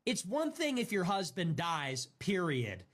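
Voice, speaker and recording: A man's voice: high voice, wildly swooping pitch, unhurried, fairly bright tone. A man ranting sarcastically on a livestream, sneering and provocative. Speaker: streamer in a played clip. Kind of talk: mocking livestream rant.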